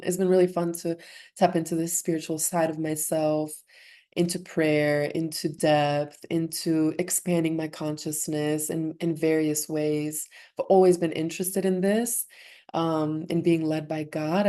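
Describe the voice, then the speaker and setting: A young woman talks as a podcast guest in an earnest, emotional way. Her voice sits low and mellow. She laughs readily and trips over her words, repeating and restarting as she goes. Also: flat delivery, measured pace. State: emotional, close to tears. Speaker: podcast guest, former competitive swimmer. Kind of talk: heartfelt conversational interview.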